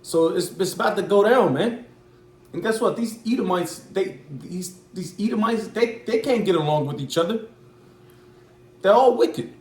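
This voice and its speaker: A man's voice: sits high, normal speed. Echoey, loose-talking man preaching. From United States. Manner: loose, repetitive, profane street talk. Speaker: religious commentator. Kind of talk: casual preaching commentary. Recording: echoey room.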